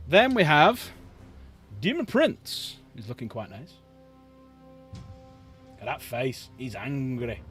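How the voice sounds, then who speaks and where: Chatty man, slightly high voice. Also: very animated, slow, long pauses, fairly bright tone, husky, faint music behind. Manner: chatty, jokey, talks to chat. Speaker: livestream host. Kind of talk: casual chat while painting miniatures.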